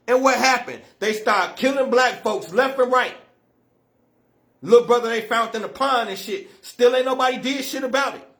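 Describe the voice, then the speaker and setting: A man's voice: extremely high pitch, pushed and bright. A man delivering a blunt, profane, scolding monologue as an activist speaker. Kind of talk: impassioned monologue to camera.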